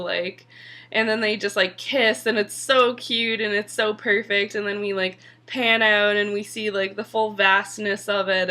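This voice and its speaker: Chatty young woman with a bright voice. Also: medium pitch. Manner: chatty, many "like" fillers, occasional swearing. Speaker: TV episode reviewer. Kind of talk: casual vlog recap.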